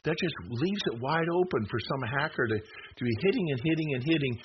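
A man's voice: on the high side, fairly quick. A middle-aged man giving a rambling slide presentation, emphatic, with self-deprecating jokes and many restarts. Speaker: presenter of a talk. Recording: muffled with steady background noise.

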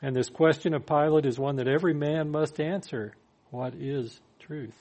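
A man's voice: a little high, fairly even intonation, brisk, darkish tone. A man preaching a sermon, reading scripture aloud and explaining it with dry humor. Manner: reads verses then explains with dry humor. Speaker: pastor.

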